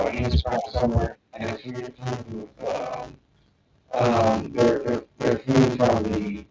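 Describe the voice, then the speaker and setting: A man co-hosting a podcast, rambling through his thoughts with many ums and restarts. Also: mid-range voice. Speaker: podcast co-host. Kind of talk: casual podcast discussion. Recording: distant, echoey, dull remote audio.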